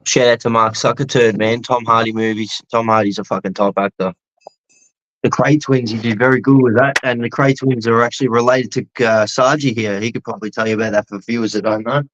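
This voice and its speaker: A man's voice: medium pitch, fairly even intonation, brisk, a bit bright, slight background noise. A man co-hosting a casual podcast chat, bantering bluntly with swearing. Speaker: podcast co-host. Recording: dull dry sound.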